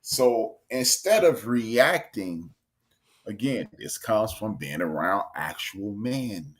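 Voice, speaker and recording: Man, low voice, easygoing podcast chat, acts out what people said. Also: slow. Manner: storytelling, animated, acts out quotes. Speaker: podcast co-host. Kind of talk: casual chat.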